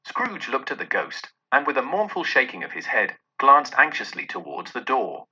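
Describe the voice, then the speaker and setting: A man's voice: mid-range voice, moderate pace, breathy edge. A man expressively narrating a classic novel aloud. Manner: expressive storytelling. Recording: dull lo-fi audio.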